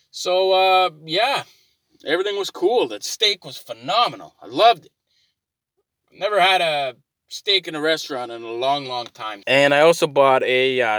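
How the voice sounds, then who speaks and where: A man's voice: medium pitch, no echo. A man casually telling a rambling story, swearing freely and growing exasperated. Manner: rambling, profane, gets loud and exasperated.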